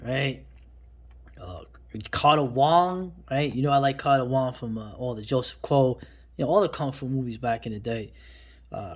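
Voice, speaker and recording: Rambling enthusiastic man talking movies. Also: mid-range voice. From New York City. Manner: rambling and enthusiastic, often trailing off into a soft mutter. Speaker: film vlogger. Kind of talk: casual movie talk.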